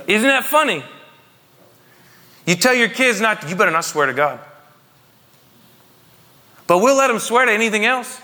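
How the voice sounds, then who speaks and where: High, bright-voiced joking pastor. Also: male voice. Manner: jokey, asks the congregation questions. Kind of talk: conversational sermon. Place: church hall. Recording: long reverb of a hall.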